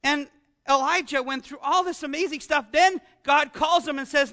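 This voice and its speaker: High, bright-voiced preacher. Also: male voice, normal speed. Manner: animated, asks the congregation rhetorical questions. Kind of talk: conversational sermon. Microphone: amplified microphone with some feedback.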